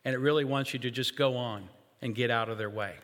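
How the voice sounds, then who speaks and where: A man preaching a sermon, speaking in measured phrases with pauses and rhetorical questions to his congregation. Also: medium pitch, fairly bright tone. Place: church sanctuary. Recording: echoey church hall with long reverb.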